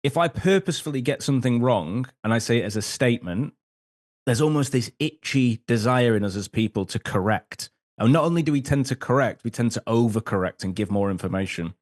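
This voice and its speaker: A man's voice: medium pitch, expressive, a little fast. A man, a sales consultant guest on a podcast, explaining techniques and acting out little sample conversations. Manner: acts out sample dialogue, frequent um fillers.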